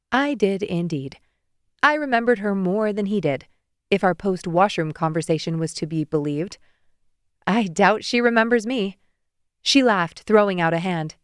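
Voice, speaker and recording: Smooth-voiced woman narrating an audiobook. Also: mid-range voice, moderate pace, dry recording, studio quality. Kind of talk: first-person audiobook narration.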